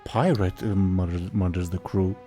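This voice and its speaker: A man's voice: sits low, fairly even intonation, moderate pace, warm tone, soft background music. A young man running a tabletop game as game master, rambling with hesitant fillers.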